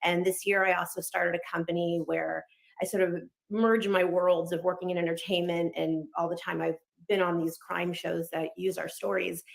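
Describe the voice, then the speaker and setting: Fast-talking woman telling her own story. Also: on the low side, vocal fry. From Los Angeles, United States. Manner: fast, candid, animated retelling with quoted dialogue. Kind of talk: personal storytelling.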